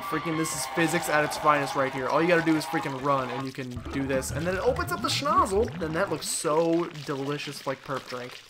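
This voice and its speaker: A young man giving casual, jokey let's play commentary, excitable and talking to the game figures. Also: on the high side, noisy background. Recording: voice over loud game music. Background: game music.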